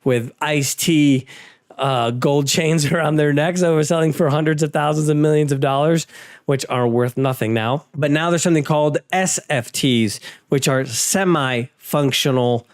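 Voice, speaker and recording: Smooth-voiced man giving casual news commentary. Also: medium pitch, dry recording, clean studio sound. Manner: offhand, sarcastic asides; frequent restarts and fillers, conversational. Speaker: host.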